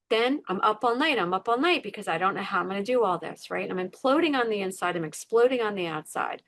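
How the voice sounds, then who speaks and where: A woman's voice: mid-range voice, lively intonation, fast, hardly any pauses, fairly bright tone. Earnest middle-aged woman telling her story. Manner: earnest, repeats words for emphasis, acts out her inner voices. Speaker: podcast guest. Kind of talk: personal story in conversation.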